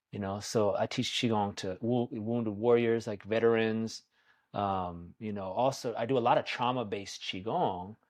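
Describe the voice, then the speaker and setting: A man teaching qigong in a conversation, calm and soothing, who often checks in with "right?". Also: lowish voice. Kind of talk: guided practice in conversation.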